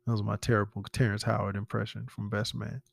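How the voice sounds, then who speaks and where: A man's voice: lowish voice, level tone, brisk, creaky, no room sound, studio quality. A man hosting a casual commentary podcast, blunt and profane, firing rhetorical questions at the listener. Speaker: podcast host.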